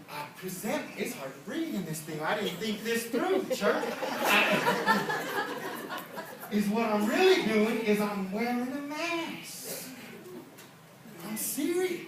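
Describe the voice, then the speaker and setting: A middle-aged man preaching in church with emotional force, swinging from hushed asides to shouting. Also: sits high. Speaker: pastor. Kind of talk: energetic sermon. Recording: echoey hall from far off, noisy.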